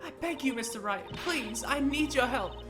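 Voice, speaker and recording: A woman's voice: high voice, animated, normal speed. A woman doing a timid stammering accused girl. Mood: pleading. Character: frightened gentle young woman on trial. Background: game music.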